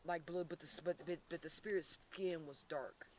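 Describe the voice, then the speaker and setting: A man's voice: a little high, steady tone, distant mic, slight background noise. Intense rambling man outdoors, off-mic. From Florida, USA. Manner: intense, rambling, halting with many restarts. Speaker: psychic medium. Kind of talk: on-location paranormal investigation. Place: outdoors by a reservoir.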